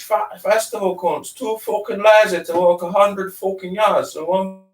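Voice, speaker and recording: A man's voice: high voice, pitched above the performer's own voice. A man reading aloud and voicing an agitated, foul-mouthed young man in withdrawal who snarls and swears breathlessly. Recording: roomy, distant mic.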